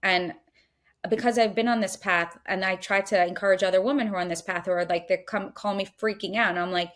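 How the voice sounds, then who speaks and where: A middle-aged woman speaks in a mid-pitched voice, earnest and emphatic as she shares teachings. She circles back with repeated phrases and slips into the voices of her own fears. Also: fairly even intonation, fast talker, a bit bright. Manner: earnest, repetitive, emphatic, acts out inner voices. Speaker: podcast guest, Jewish teacher. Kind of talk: heartfelt conversational teaching.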